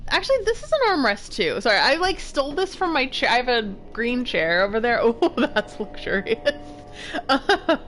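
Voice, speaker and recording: A woman's voice: a little high, very animated, normal speed, a bit bright. A young woman chats through a game stream, tired and yawning but still laughing often. Her voice rises and falls a lot as she reads item text aloud and trails off mid-thought. Faint music plays behind her. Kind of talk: casual live-stream commentary.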